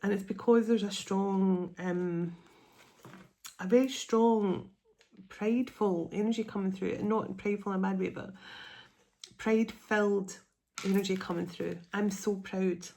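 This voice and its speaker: A woman gives a heartfelt tarot reading, speaking earnestly and sounding close to tears. She lingers on key words and lets them stretch out. Her voice sits at an ordinary middle pitch. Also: fairly even intonation, unhurried, creaky, pauses often, mellow. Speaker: tarot reader. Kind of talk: spiritual tarot reading to camera.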